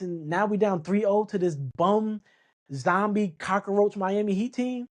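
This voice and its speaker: In this casual sports talk monologue, an adult male podcast host uses a high voice with a darkish tone. He is emphatic and keeps repeating himself and starting sentences over.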